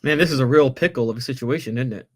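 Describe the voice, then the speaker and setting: A man's voice: medium pitch, quick pace, husky, no room sound. A man co-hosting a sports podcast, speaking hesitantly and thinking aloud. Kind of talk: casual sports talk.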